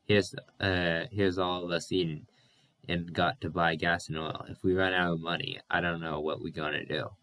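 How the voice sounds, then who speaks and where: A worried middle-aged farmer father frets out loud and halts between phrases, read by a man. The voice is deep and plain, with rural phrasing. It sounds like a storybook reading. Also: little pitch movement, normal speed.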